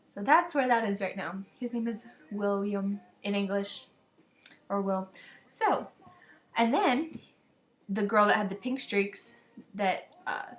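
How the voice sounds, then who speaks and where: A teenage girl talks into a webcam in a rambling video message to a friend, gossiping and venting. Her mid-range voice is slow with frequent pauses, and she quotes other people in exasperated voices.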